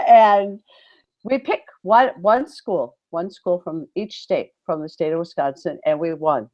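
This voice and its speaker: A woman's voice: fairly low pitch, lively intonation, unhurried, a little mellow. A woman co-hosting a casual chat, telling a story animatedly and acting out quotes with big exclamations. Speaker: podcast co-host, PE teacher. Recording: muffled lo-fi audio.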